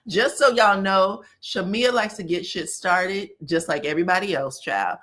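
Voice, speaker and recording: A woman giving a casual, sassy recap of a reality show, animated, and slipping into the voices of the people she quotes. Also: mid-range voice, measured pace. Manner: animated, sassy, slips into voices of the cast when quoting.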